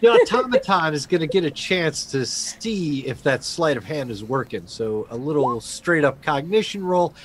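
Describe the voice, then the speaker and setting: A man narrating as game master in a relaxed, playful way, with asides. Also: a little high, moderate pace, hardly any pauses, slight background noise, rough recording.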